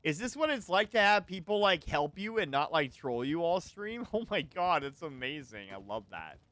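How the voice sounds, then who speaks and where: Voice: mid-range voice, very animated, moderate pace, fairly bright tone, dry recording. A streamer host chatting casually on a game stream, joking and playfully flustered in banter.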